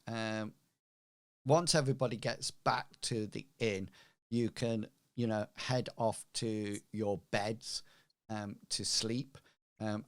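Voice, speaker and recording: A man narrating as game master of a tabletop game, halting with many ums. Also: medium pitch, clear, resonant tone, dry recording, studio quality.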